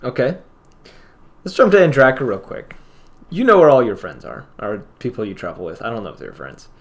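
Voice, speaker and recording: A man narrating a tabletop role-playing game as game master, describing the scene in halting, restarting sentences. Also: mid-range voice, huge pitch swings.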